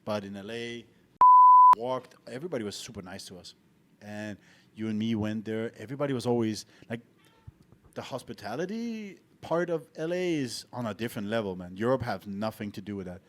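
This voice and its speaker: A man's voice: fairly low pitch, fairly quick, noisy background. A man co-hosting a podcast in casual chat, telling travel stories with swearing and jokes. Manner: profane, joking, animated storytelling. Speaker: podcast co-host. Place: abroad, living in Tallinn.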